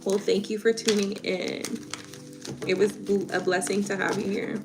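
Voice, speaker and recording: A woman's voice: medium pitch, little pitch movement, moderate pace, over music. Emotional chatty woman tarot reader. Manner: emotional, tearful, chatty with viewers. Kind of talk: casual live-stream chat.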